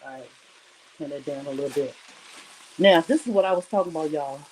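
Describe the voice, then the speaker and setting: A chatty middle-aged woman hosts a cooking livestream from her home kitchen, her voice sitting on the low side. She talks right to her viewers and drifts into asides as she works. The mic is set back across the room, and faint kitchen clatter sits underneath. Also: brisk, recorded from a distance, noisy background. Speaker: home cook livestream host.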